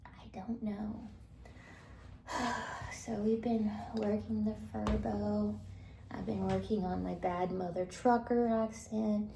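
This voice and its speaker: A woman talking casually to her viewers in a rambling way, full of fillers and soft whispered asides, recorded with echo. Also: mid-range voice, level tone, slow, gravelly, a little hiss or hum. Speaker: vlogger. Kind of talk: casual monologue. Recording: echoey recording.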